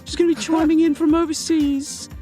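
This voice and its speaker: A man putting on a high, prim British woman's voice as a playful impression of a psychologist co-host. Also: little pitch movement, a little fast, mellow, soft background music. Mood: mock-prim. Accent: put-on British. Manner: playful, mock-formal impression. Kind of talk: casual podcast banter.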